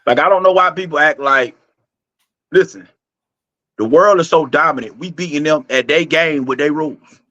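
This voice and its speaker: A man's voice: fairly high pitch, normal speed, pauses often, a bit bright, no echo, dull audio. A man co-hosting a podcast in casual chat, blunt and emphatic, swearing freely. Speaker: podcast co-host.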